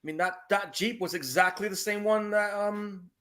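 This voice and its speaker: A man co-hosting a live movie commentary podcast, agreeable, casual and expressive. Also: high voice, moderate pace. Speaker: podcast co-host.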